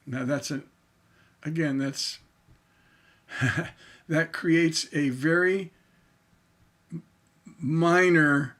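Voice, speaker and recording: A man's voice: a little high, fairly even intonation, drawn-out words, pauses often, a bit bright. A man teaching songwriting in a livestreamed lecture, explaining syllable stress by tapping out rhythms aloud.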